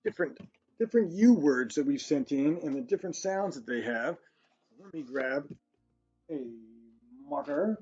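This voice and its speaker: A man teaching a children's phonics lesson, sounding out words slowly and praising often. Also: on the high side, expressive, a little mellow, husky. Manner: slow, encouraging, praising often. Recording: dull lo-fi sound with faint music.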